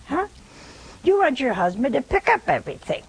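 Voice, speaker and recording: A nun giving a spiritual talk in a conversational, gently teasing way, often checking in with her listeners with rhetorical questions. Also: high-pitched, big pitch swings, normal speed, rough recording.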